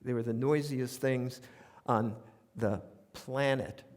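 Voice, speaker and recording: Speaking slowly in a mid-range voice, an older man with a New York accent tells humorous stories from a theater stage, wry and conversational, with animated asides. He's a radio commentator performing his essays as a monologue for a live audience, captured in a live theater with long reverb.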